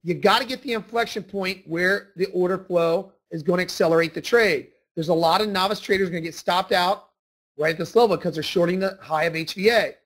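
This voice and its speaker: A man's voice: sits high, a little fast, a bit bright, breathy edge. A man teaching a trading lesson over his charts, emphatic and repetitive, hammering his points home. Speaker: trading instructor. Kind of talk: screen-share trading lesson.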